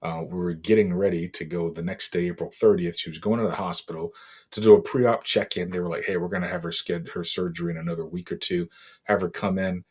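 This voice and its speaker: A middle-aged man from Boston, a podcast guest, telling a painful personal story in a halting, emotional way with many fillers. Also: sits low, steady tone, a little mellow, slightly rough. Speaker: interview guest.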